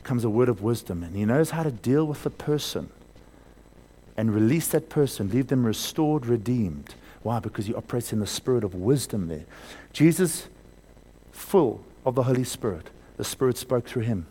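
A man preaching a sermon, swinging between loud emphasis and hushed, slowed lines, asking the congregation questions and having them repeat words. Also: medium pitch, animated, slightly rough.

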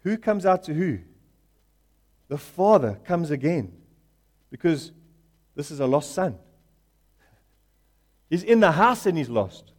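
A man preaching a sermon, building to loud emphatic questions and answers, and acting out the characters of the story he tells. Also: a little high, very animated, slow pace, long pauses. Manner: rising to loud emphatic call-and-response; acts out Bible characters in quoted voices. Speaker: pastor.

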